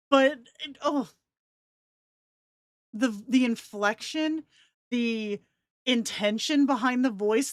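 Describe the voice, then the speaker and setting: Casting: slow-talking, giggly, enthusiastic woman live-streamer chatting to her viewers; dry, close sound. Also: on the high side, a bit bright, no room sound. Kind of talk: casual live stream chat.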